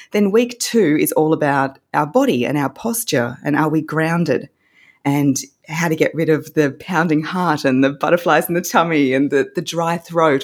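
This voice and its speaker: A woman, a voice coach, explaining her course in an upbeat, instructive way as an interview guest. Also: sits low. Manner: upbeat, instructive, demonstrates vocal techniques.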